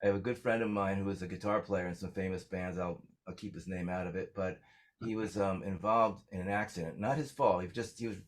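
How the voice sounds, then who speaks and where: A man's voice: low-pitched, steady tone, a little fast. A man telling stories as a songwriter guest in a casual interview, rambling with lots of fillers.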